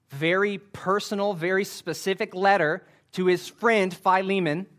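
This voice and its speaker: A man's voice: high voice, fairly bright tone. Earnest man preaching a sermon. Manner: earnest, careful, with frequent "uh" fillers. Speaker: pastor.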